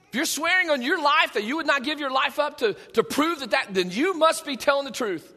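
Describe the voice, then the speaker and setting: A man preaching a sermon in a conversational, animated way, with joking asides to his congregation. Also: extremely high pitch, brisk, hardly any pauses, long reverb tail. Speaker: pastor. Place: church sanctuary.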